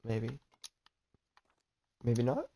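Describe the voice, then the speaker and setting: A man's voice: medium pitch, huge pitch swings, very slow, mellow. A man streaming a video game, joking and talking to himself as he plays. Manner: jokey, talks to himself while playing. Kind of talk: casual gameplay commentary.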